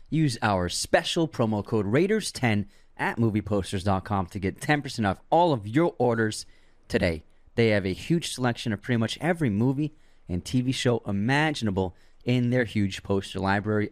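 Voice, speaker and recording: A man's voice: lowish voice, no room sound. A young man co-hosting a podcast, reading a sponsor spot and joking in laid-back banter. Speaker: podcast co-host. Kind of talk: casual chat with ad reads.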